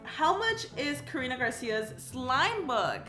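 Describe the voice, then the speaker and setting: A high-pitched woman's voice swings widely in pitch and moves slowly, with reverb and music underneath. She's a YouTube crafts creator in her twenties from California, reading questions aloud in a chatty, bubbly way. She says "like" constantly and giggles at her own answers.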